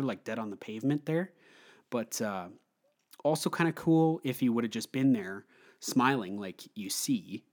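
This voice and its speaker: A young man casually talking through a film review, chatty with frequent fillers and laughter. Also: on the low side. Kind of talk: casual movie review monologue.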